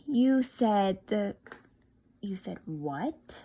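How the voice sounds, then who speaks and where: Woman teacher, slow deliberate delivery, patient and encouraging with a young reader. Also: medium pitch, very animated, darkish tone, breathy edge. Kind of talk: one-on-one reading lesson with a child.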